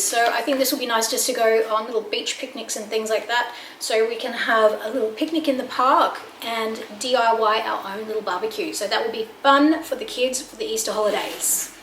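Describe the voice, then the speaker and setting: A woman's voice: on the high side, brisk, few pauses, a bit bright, a little hiss or hum. An Australian woman chatting casually and upbeat about home products she bought, filmed at home. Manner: chatty, upbeat product talk with light laughs. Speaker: home and lifestyle vlogger. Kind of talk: casual chat. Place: at home, indoors. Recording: echoey room, faint ambience.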